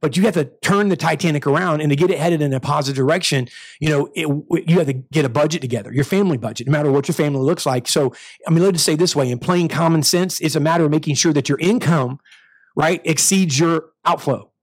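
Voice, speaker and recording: Emphatic male pastor preaching, rather high. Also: fast, breathy edge, no room sound. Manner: emphatic, with repeated restarts and rising bursts. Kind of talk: sermon.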